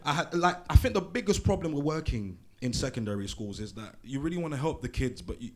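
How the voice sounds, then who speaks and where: A man's voice: mid-range voice, animated, fast talker, a little mellow. A young man doing a live stand-up set on a handheld mic in a small comedy club, crude and punchy, swearing and teasing the crowd.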